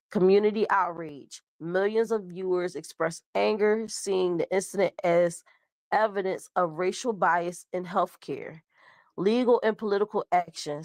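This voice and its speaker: A woman's voice: medium pitch, dry recording. Stuffed-up woman host reading news. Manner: casual, stumbles over words and restarts. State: stuffed up from a cold. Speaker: show host.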